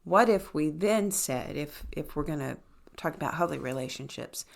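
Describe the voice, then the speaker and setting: Middle-aged female podcast co-host, lower voice, emphatic and easygoing. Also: lively intonation, gravelly. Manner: warm backchannels, quick to laugh, emphatic. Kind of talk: casual mentoring chat.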